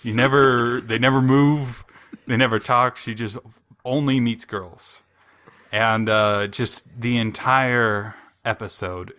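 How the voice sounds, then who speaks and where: Bright-voiced man, wry podcast storyteller. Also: mid-range voice. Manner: wry, sarcastic storytelling with frequent chuckles. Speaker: podcast co-host recapping an anime. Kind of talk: casual podcast chat.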